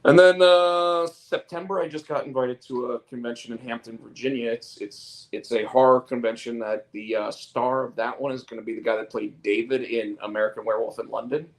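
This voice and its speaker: Gravelly man rambling in casual chat. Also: medium pitch, fairly quick, hardly any pauses. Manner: rambling, repeats words, animated storyteller. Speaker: podcast host and comic artist.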